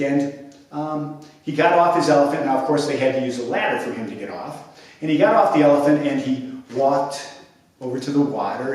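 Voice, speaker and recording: A man telling a children's story with playful, expressive narration and sound effects. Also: fairly high pitch. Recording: echoey room, mic at a distance.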